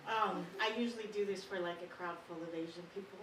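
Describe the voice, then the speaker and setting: A woman's voice: on the low side, fairly even intonation, quick pace, background noise. A young woman performing a chatty stand-up bit at an open mic, giggling as she talks. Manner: chatty, giggles through her lines. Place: small performance studio. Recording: roomy, distant live mic.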